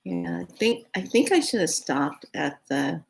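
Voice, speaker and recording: Low-voiced woman telling a story. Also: measured pace, creaky. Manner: animated storytelling, acts out her own reactions; earnest advice on energy and manifestation. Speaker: spiritual vlogger. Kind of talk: casual storytelling monologue.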